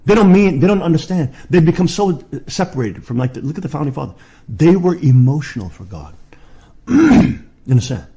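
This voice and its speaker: A husky-voiced man preaching with a fiery, ranting delivery. His voice sits fairly high and swings wildly, dropping to a mutter before leaping into shouts. He sounds middle-aged, fervent and combative. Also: big pitch swings, moderate pace.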